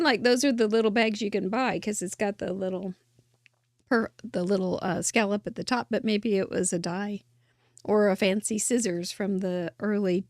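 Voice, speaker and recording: A woman's voice: medium pitch, dry recording, studio quality. A woman hosting a live craft show, chatting enthusiastically about cards and trailing off into fillers and little asides.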